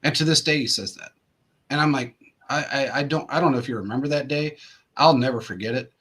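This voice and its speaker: Male host, casual storyteller, bright and raspy, meanders through anecdotes with lots of restarts. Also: mid-range voice, fairly quick. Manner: rambling anecdotes full of restarts and fillers. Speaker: show host.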